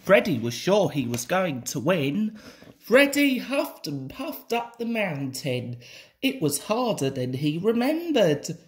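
A man reading a children's picture book aloud in an expressive, sing-song way. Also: high-pitched, slow. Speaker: storybook reader.

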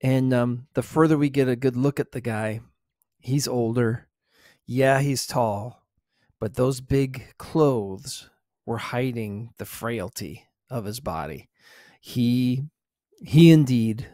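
Hesitant man telling a true story softly. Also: mid-range voice, no room sound, clean studio sound. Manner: hesitant, many fillers and repeated words. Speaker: former store loss prevention officer. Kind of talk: ASMR true-story narration.

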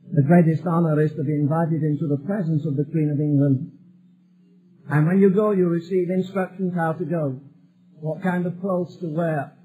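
High-voiced emphatic male preacher. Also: phone-quality sound. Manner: emphatic, building repetitions to a climax. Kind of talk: sermon.

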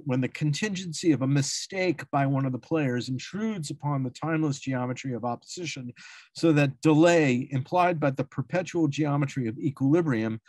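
A man's voice: medium pitch, no room sound. A man giving a symposium talk, reading a prepared academic paper and often stumbling and correcting himself on long words. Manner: reads dense prose with frequent self-corrections and restarts. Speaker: academic speaker.

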